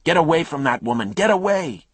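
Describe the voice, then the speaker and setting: An alarmed neighbor yells urgent warnings down from an apartment window, as a male narrator acts him out. The voice jumps well above a husky narrator's usual low range. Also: big pitch swings, a little fast, dry recording. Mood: yelling.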